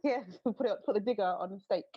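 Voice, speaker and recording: A woman's voice: medium pitch, fast, highs cut off, a little hiss or hum. A woman co-hosting a podcast in casual chat, playful and teasing. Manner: playful, teasing, laughs easily. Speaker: podcast co-host.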